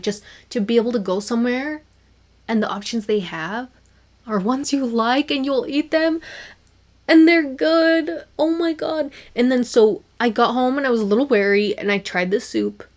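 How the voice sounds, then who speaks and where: A young woman hosting her own podcast, chatting casually and animatedly with lots of fillers and quick laughs. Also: fairly high pitch. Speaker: podcast host. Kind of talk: casual solo podcast chat.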